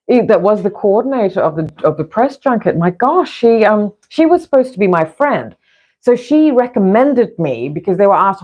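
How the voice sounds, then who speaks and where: A woman's voice: mid-range voice, a little mellow, muffled recording. A middle-aged woman vlogger chatting casually in a rambling way, with frequent restarts. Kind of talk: casual chat.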